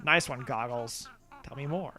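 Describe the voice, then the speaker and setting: A man's voice: medium pitch, measured pace, pushed and bright. Rambling, self-deprecating game streamer man. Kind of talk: casual live gameplay commentary. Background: faint game music.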